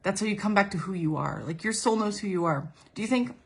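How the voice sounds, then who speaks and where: Gravelly-voiced woman spiritual coach. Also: mid-range voice, expressive, fast. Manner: earnest, repeats herself, quotes imagined speech. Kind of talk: casual motivational monologue.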